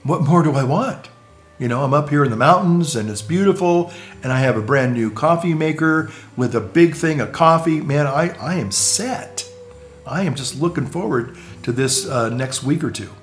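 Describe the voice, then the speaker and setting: A man's voice: on the high side, lively intonation, normal speed, faint music behind. A male priest telling a personal story in a casual, rambling way, repeating words and chuckling between phrases.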